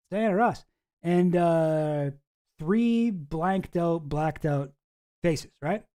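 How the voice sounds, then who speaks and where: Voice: mid-range voice, a little mellow. A streamer giving casual commentary on news files, rambling, sarcastic and swearing freely, with many restarts.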